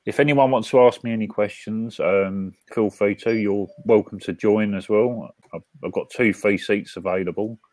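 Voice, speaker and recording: A man with a British accent hosting a casual live-stream chat from his front room, talking in a halting way with restarts and fillers. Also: lowish voice, darkish tone, no room sound. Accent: British English. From Britain. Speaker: host.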